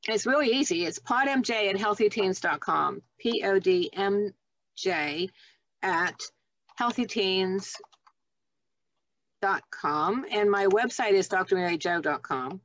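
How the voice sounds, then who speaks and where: A woman's voice: mid-range voice, measured pace, muffled recording. Older woman telling stories animatedly. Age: 70s. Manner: animated storyteller, acts out voices in her stories. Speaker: guest, author and teen counselor. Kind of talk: casual storytelling on a video call. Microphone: video call.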